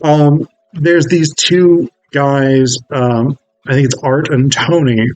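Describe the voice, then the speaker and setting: A man's voice: medium pitch, steady tone, slow, darkish tone, low-quality recording. A man reviewing a film in a casual, wry video essay, swearing freely as he talks.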